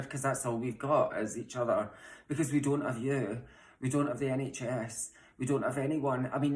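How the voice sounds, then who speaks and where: A woman's voice: extremely low pitch, darkish tone. Young Scottish trans woman, impassioned direct-to-camera plea, blunt, echoey home room. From Scotland. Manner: impassioned, frustrated, speaks bluntly with swearing. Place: home, room mid-move. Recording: roomy echo.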